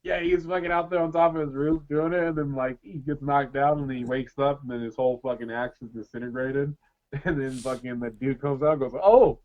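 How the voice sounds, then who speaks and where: A man co-hosting a casual podcast, retelling scenes loudly with plenty of swearing and laughter. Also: mid-range voice, steady tone, brisk. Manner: loud, laughing, profane storytelling. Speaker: podcast co-host. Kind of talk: casual chat. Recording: dull lo-fi sound.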